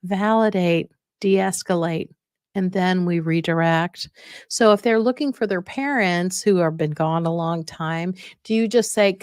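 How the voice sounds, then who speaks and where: A woman's voice: lowish voice, measured pace, a little mellow, clear, resonant tone, no echo, clean studio sound. A middle-aged woman hosting an instructional podcast, talking directly and coaching her listeners, repeating her key points. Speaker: podcast host.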